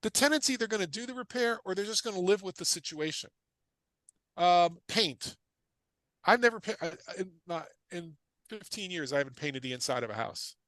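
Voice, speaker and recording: Punchy, animated middle-aged man teaching. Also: high-pitched, dry recording. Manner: emphatic and repetitive, drives points home with questions; punchy, casual asides with quick tangents. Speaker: guest real estate investor teaching. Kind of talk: energetic livestream teaching talk.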